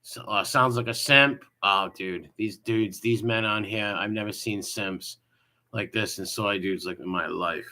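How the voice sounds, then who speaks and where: A man's voice: lowish voice, unhurried, sharp tone. A man hosting a casual livestream, mocking a clip he plays and greeting viewers in the chat. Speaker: livestream host reacting to a clip.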